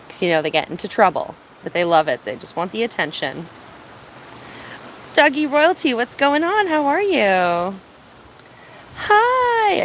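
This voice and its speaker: A woman from Ontario chatting casually on an outdoor live stream, speaking softly, answering viewers and laughing easily, filming on her phone. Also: medium pitch, slight background noise, low-quality recording. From Ontario, Canada. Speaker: live-streaming bird watcher. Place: outdoors at a cottage. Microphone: phone on binoculars, held by hand.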